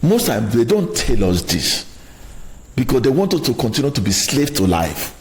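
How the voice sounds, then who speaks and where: A male host giving a passionate motivational talk in an energetic, preachy and emphatic way. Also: mid-range voice, normal speed.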